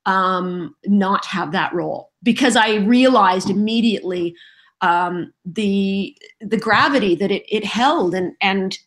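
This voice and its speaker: A middle-aged woman, a voice actress guest on a podcast, telling lively stories and acting out voices and quotes in casual chat. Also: medium pitch, slow. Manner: lively storyteller who acts out voices and quotes.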